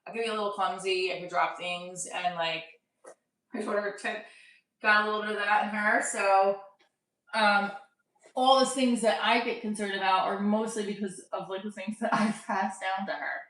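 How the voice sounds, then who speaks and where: A woman's voice: medium pitch, steady tone, normal speed, fairly bright tone, recorded from a distance. A woman in her thirties, a stand-up comic, talking candidly to camera in a rambling, casual vlog, swearing and laughing at herself. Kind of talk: casual self-talk vlog. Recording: roomy echo, voice a bit off-mic.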